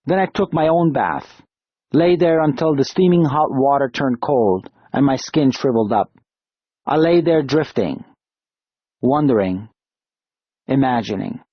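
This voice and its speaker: A man reading an audiobook in a calm, measured narration. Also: medium pitch, slightly rough, no echo. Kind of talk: scripted narration. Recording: dull, dry lo-fi studio read.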